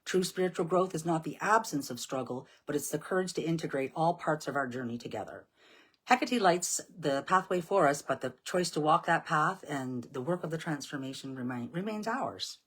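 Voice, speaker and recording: A woman's voice: sits low, lively intonation, moderate pace, fairly bright tone, slightly rough. A woman from Nova Scotia, leading a live devotional, reciting hymns solemnly and chatting casually with viewers. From Nova Scotia, Canada. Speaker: devotional leader. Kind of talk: live-streamed devotional prayer.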